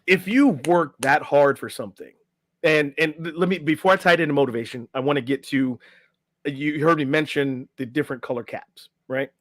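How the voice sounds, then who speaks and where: A man's voice: fairly high pitch, fairly even intonation, a little fast, fairly bright tone, dry recording. A middle-aged man, a podcast guest and life coach, telling a story casually and acting out the quotes, often tagging lines with "right?".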